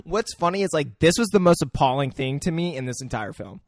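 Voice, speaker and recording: Young man, laughing, profane, slightly high, dry. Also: animated, a little fast, no room sound. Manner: laughs often, profane, interjecting. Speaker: podcast co-host. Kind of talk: casual comedic chat.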